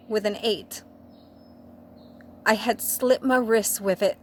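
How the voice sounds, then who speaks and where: A woman reads fan fiction aloud slowly and deliberately, piling on mock drama. She breaks off now and then for dry, wry asides, against a faint background hiss. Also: mid-range voice, fairly even intonation. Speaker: guest reader.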